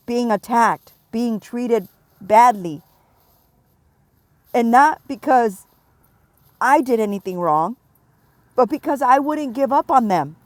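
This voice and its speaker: A middle-aged woman giving a prophetic warning, stern and emphatic, pressing her points with slow repetition. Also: fairly high pitch, animated, dry recording. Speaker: self-described prophet.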